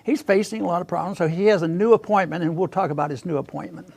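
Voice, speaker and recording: Gravelly guy hosting a political chat, high pitched, keeps repeating words. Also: a little mellow. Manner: halting, repeats words, chuckles through points. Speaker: podcast host. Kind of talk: casual political discussion.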